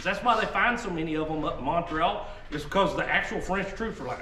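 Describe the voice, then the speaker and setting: Southern guy chatting in a folksy way, kinda high voice, echoey room, mic far away. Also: fairly quick, few pauses, a crowd in the background. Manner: folksy, keeps tagging "okay?". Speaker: musket maker and reenactor. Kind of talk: casual talk to a reenactor group. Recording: echoey sound from a distant mic with faint noise.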